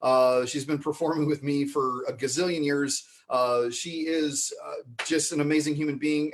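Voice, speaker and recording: A man's voice: fairly high pitch, fairly even intonation, normal speed, few pauses. A man hosting an online improv comedy show, introducing the cast with rambling, filler-laden banter over a video call. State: mouth full of marshmallow. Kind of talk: livestream host banter.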